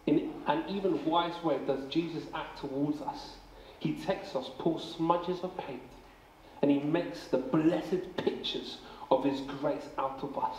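A man in his late twenties preaching a family service sermon in a church hall, energetic and jokey, often repeating words as he starts a sentence. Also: fairly high pitch, a little slow, slight background noise. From England. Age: 20s. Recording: echoey hall, faint ambience.

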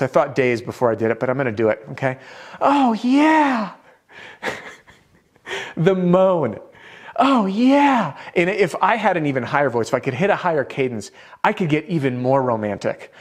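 A man's voice: mid-range voice, animated, quick pace. A man teaching sales straight to camera. His delivery is upbeat and direct, and he drops in some self-deprecating humor. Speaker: sales trainer.

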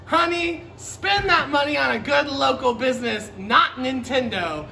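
Woman with a bright, gravelly ad voice. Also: high voice, lively intonation, takes it slowly, a little hiss or hum. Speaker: ad reader. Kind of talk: comic ad read.

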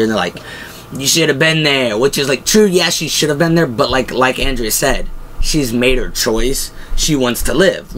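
A young man hosting a casual fan recap, retelling scenes in an excited, rambling way and briefly voicing the characters he quotes. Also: mid-range voice, a little hiss or hum. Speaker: show host.

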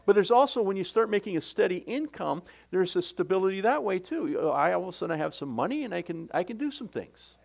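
A man's voice: sits high, expressive, quick pace, creaky, few pauses, darkish tone. A middle-aged male pastor preaching a sermon in a conversational, folksy way, often restarting his sentences.

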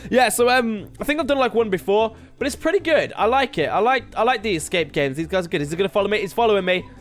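A man's voice: high voice, lively intonation, fast talker, faint music behind. A young man chatting casually as he plays through a game, rambling and laughing at himself. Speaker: gaming video host. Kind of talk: casual let's-play commentary.

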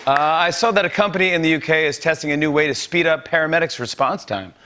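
A man's voice: on the high side, fast, noisy background. A man in his forties hosting a late-night show, delivering a joking monologue and laughing at his own jokes. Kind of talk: comedy monologue.

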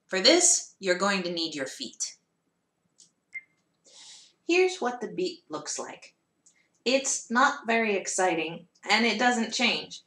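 A woman's voice: mid-range voice, a bit bright, echoey room. A woman teaching a music lesson for children, encouraging and chanting the song rhythmically.

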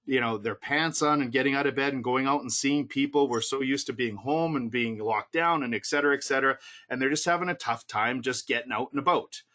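A middle-aged man coaching in a motivational webinar, at an ordinary middle pitch for a man. He keeps firing short rhetorical questions and says each point twice, in a loose, conversational way. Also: pushed and bright. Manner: repetitive, punchy rhetorical questions. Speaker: real estate coach.

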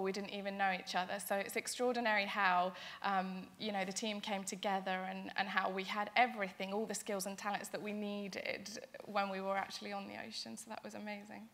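A woman's voice: medium pitch, fairly bright tone. A young woman, an interview guest, telling her story in an earnest, eager way, with many fillers and restarts. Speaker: interview guest, charity founder.

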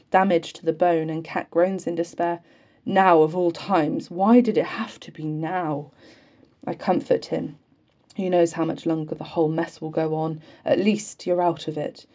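Woman reading a novel audiobook, low mellow voice, flat and unhurried. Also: vocal fry. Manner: measured, unhurried, with occasional slips left in. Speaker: audiobook reader.

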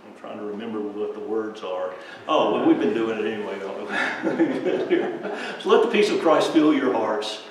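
A male pastor giving a children's message in a church service, chuckling often and halting on fillers as he goes. His voice echoes heavily around the sanctuary and is picked up from well away, with a faint hiss underneath. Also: on the low side, lively intonation. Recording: echoey church from a distant mic.

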